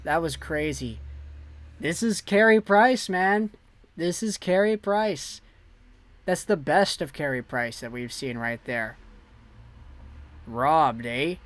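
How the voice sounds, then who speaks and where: A man calling hockey play-by-play on his own livestream, excitable and jumping up loud on big saves. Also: fairly high pitch, takes it slowly, pauses often, no echo. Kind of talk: play-by-play commentary.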